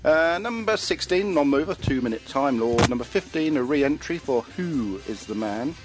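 A man's voice: medium pitch, lively intonation, moderate pace, over loud music, rough recording. A man hosting a casual podcast, reading out a chart, joking and laughing often, and tripping over his words.

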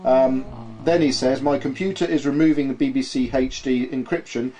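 A man's voice: mid-range voice, fairly even intonation, normal speed, dark tone, rough recording. A man hosting a casual podcast, reading out listener comments in a playful way, often laughing and tripping over names. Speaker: podcast host.

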